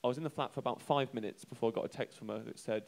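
A young man telling a comic anecdote on a live show, halting and self-deprecating, chuckling between lines. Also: medium pitch, creaky, darkish tone, a little hiss or hum. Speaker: comedian telling a story.

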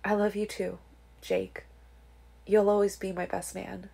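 A woman voicing a young woman saying tender, resolute farewells in a soft, hushed voice. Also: mid-range voice, little pitch movement, unhurried, vocal fry, husky.

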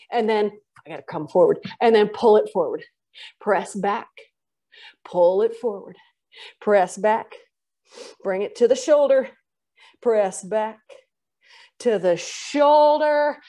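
Slow-talking woman leading a yoga class. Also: a little high, darkish tone. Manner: encouraging, chatty cues between breaths. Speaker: yoga instructor. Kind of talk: guiding a live yoga class.

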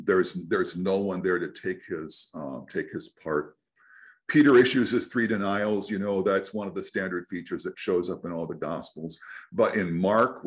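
Low-voiced priest giving a reflective sermon. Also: male voice. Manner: reflective, many fillers and restarts.

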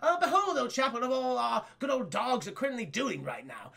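A man's voice: very high-pitched, lively intonation, moderate pace, gravelly, sharp tone, voice pushed up, heavily acted. A man voicing a pompous elderly male talking dachshund with posh, stuffy speech.

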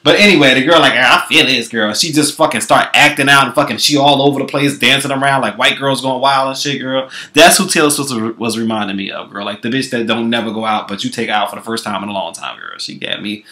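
Man vlogger, bright and sassy, foul-mouthed comedic rant. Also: medium pitch, fast talker, few pauses. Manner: sassy, profane, calls listeners girl constantly. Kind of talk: comedic commentary.

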